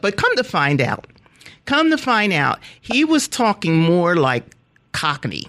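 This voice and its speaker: A woman's voice: low-pitched, normal speed. A woman hosting a radio talk show, interviewing a guest with lots of laughter. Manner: giggly, animated storyteller.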